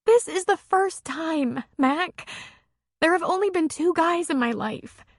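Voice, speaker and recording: A woman narrator voicing an emotional young woman in love, raising her voice higher for her. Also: expressive, a little slow, no echo, studio quality, heavily acted.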